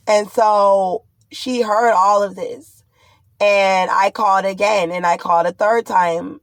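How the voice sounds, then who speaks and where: A woman's voice: medium pitch, fairly even intonation, unhurried, dry recording. A pregnant woman recounts a frightening ordeal in an urgent, rambling, fearful way. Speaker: vlogger. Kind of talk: distressed personal account to camera.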